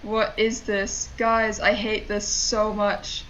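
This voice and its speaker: Slow-talking frustrated woman streamer. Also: medium pitch, flat delivery, a bit bright, highs cut off, a little hiss or hum. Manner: frustrated, swearing, talking to herself and chat. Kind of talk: casual gameplay commentary. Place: home streaming setup.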